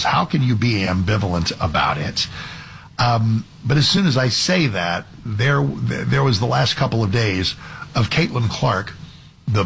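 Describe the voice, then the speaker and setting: A man's voice: mid-range voice, vocal fry, fairly bright tone, a little hiss or hum. A man hosting a talk radio show as a fill-in, talking in a conversational, argumentative way with frequent restarts. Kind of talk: conservative talk radio commentary.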